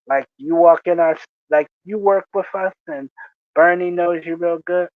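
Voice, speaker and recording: Animated high-voiced man telling work stories. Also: normal speed, no echo, narrow, tinny audio. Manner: animated, laughs often, acts out coworkers' voices. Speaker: storyteller recalling fast-food job. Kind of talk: casual storytelling chat.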